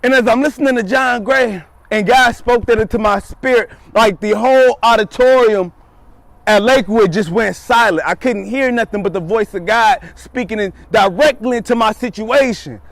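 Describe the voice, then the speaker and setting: A man's voice: high voice, moderate pace, gravelly, fairly bright tone, dry recording. A man giving an earnest, preachy motivational talk to his viewers, repeating phrases for weight. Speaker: motivational vlogger.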